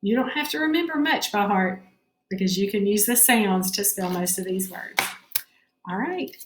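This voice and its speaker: A woman teacher giving a spelling lesson to children, patiently sounding out each word slowly and checking in with her class. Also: mid-range voice, expressive, roomy sound.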